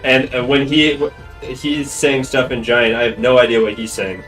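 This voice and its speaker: A man playing a tabletop game, chatty and joking with quick asides. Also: medium pitch, level tone, fairly bright tone. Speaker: player. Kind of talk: casual tabletop game play. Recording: distant mic with faint background music.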